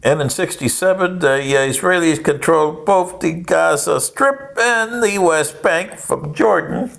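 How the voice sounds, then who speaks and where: A man's voice: on the high side, unhurried, gravelly, fairly bright tone. A man, older, giving a rambling history monologue with sarcastic, mocking asides.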